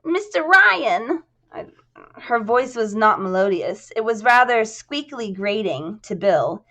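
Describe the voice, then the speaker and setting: A woman's voice: mid-range voice, unhurried, fairly bright tone. Woman narrating an audiobook.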